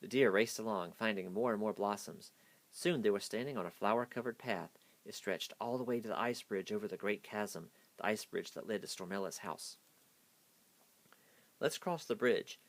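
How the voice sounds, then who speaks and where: Low-voiced man reading a kids' book. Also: fairly quick. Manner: hasty reading. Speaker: storyteller. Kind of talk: reading a children's picture book aloud.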